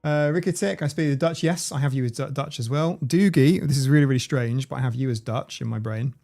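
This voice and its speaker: A man's voice: mid-range voice, a little fast, creaky, warm tone, soft background music. A man, hosting a casual livestream and reading out viewers' comments in a chatty, playful way. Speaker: livestream host.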